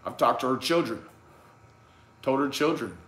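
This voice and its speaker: A man's voice: medium pitch, lively intonation, normal speed, fairly bright tone. Emphatic man ranting to his viewers. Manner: emphatic, stammers and repeats words, addresses viewers and critics directly. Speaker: YouTube true crime commentator. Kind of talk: casual commentary rant to camera.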